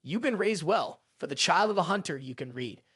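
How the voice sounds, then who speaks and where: A storybook narrator voicing an arrogant, sarcastic male butler who looks down on others, read close and dry with lively pitch. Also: brisk, husky, no room sound. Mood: mocking. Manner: sarcastic, condescending.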